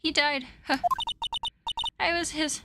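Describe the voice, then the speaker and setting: A woman's voice: sits high, fairly even intonation, slow pace, loud music behind the voice, pitched above the performer's own voice. A woman voicing a fussy old woman guard who is out of breath and huffs and puffs between words, in a fan dub of a game. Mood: breathless. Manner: huffing and puffing between words.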